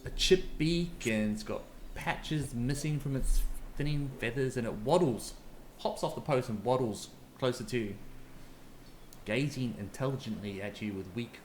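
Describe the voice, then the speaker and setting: Low-voiced woman running a tabletop game. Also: darkish tone, faint music behind. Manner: giggly, halting. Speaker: game master. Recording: audible background noise.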